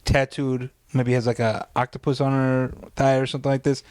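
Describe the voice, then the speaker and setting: A man's voice: mid-range voice, level tone, a little fast, a little mellow, dry recording. Blunt, joking young man, dry sound. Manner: laid-back, blunt, joking. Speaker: podcast co-host. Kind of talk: casual crude banter.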